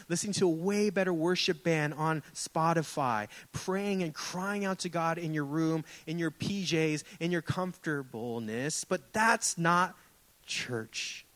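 A man's voice: on the high side, fairly bright tone, low-quality recording. Impassioned preaching man. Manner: impassioned, rising and falling in emphasis. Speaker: pastor. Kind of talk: sermon. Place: church sanctuary.

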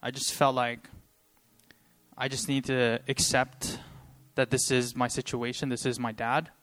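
A young man giving a sermon and sharing a personal story, talking earnestly and haltingly with many pauses, choked up with emotion. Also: medium pitch, flat delivery, fairly bright tone. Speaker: preacher.

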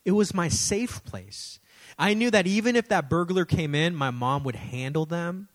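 A man in his thirties preaches, moving through stories about his kids with animated energy and an easy, folksy "y'all." His voice sits a bit higher than most men's. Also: normal speed. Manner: animated storytelling, addresses audience as y'all. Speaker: pastor. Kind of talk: sermon.

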